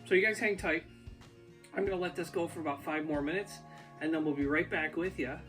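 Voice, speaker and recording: A man's voice: fairly high pitch, steady tone, fairly quick, a bit bright, faint music behind. Chatty man rambling off the cuff. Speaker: YouTube food reviewer. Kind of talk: casual unscripted vlog talk. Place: home basement. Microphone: ear pod.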